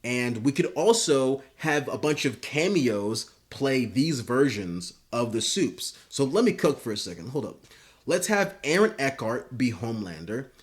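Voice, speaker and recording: A man pitching a story idea in casual, rambling talk, swearing and filling gaps with "uh" and "like". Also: sing-song, unhurried. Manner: rambling and profane, with many fillers. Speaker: video creator.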